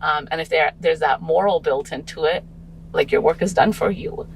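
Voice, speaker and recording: A woman's voice: deep voice, moderate pace, creaky, slight background noise, low-quality recording. A woman in her forties, a parent talking as a podcast guest, reflective and rambling with many fillers. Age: 40s. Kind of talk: casual podcast conversation.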